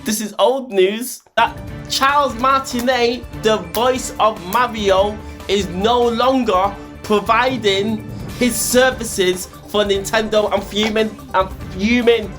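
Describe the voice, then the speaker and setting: A man hosting video game news, animated and exasperated, ranting and repeating himself. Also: sits high, slow, music in the background. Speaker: gaming news host.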